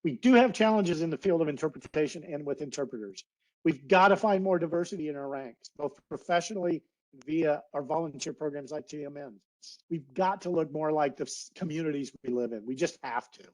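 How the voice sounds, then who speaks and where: A man's voice: fairly high pitch, brisk, darkish tone, rough recording. A man giving an earnest, heartfelt webinar talk over a video call, getting a little emotional. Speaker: guest speaker, naturalist biologist.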